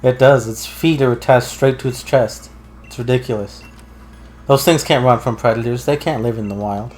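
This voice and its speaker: A man's voice: mid-range voice, moderate pace, a little mellow, a little hiss or hum. A man joking along as a friend plays a video game, full of sarcastic, wry asides. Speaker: let's play co-host. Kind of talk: casual gameplay commentary.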